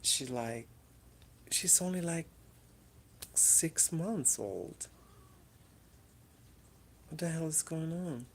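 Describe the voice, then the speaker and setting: A woman's voice: low-pitched, extremely slow, long pauses. Woman in her apartment talking to her cats, chatty and teasing, faint hiss behind. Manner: chatty, coaxing and teasing with the cats, drops grammar endings. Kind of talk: casual chat to pets at home. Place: apartment indoors. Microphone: camera in the room.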